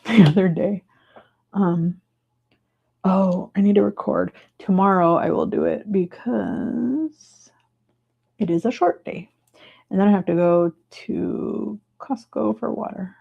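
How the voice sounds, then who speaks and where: A woman hosting a live stream from her desk, chatting casually and breaking into high excited cheers, on a clip-on mic. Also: gravelly, slightly rough, highs cut off. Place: home desk. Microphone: clip-on mic in her shirt.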